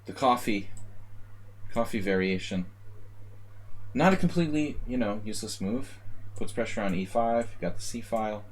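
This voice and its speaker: A man's voice: on the low side, normal speed, pauses often, slightly rough. A man streaming live chess analysis, rambling and joking at his own expense while calling out moves, a little tipsy from a beer. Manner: rambling, self-mocking, calls out moves in chess notation.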